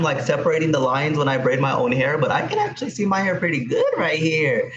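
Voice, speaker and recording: A man's voice: a little high, animated, normal speed, a bit bright. Laid-back guy chatting on a home stream, dull echoey room sound, faint hum behind. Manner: rambling, chatty, talks to his pets and viewers. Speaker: livestream host. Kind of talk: casual livestream chat.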